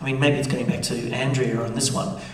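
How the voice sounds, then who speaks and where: A man's voice: mid-range voice, little pitch movement, fairly quick. A man hosting a panel on a theatre stage before a live audience, chatty and joking. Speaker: panel host. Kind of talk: onstage panel discussion. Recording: echoey theatre, distant mic.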